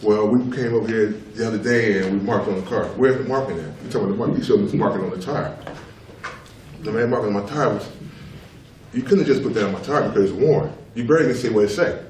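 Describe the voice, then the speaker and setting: A man's voice: lowish voice, fast, darkish tone. A middle-aged man giving spoken testimony at a public tribunal as a father, talking emphatically and repeating himself to press each point. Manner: emphatic, repetitive, keeps asking "you know what I'm saying". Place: public hearing room. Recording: roomy hall, mic far off, faint noise.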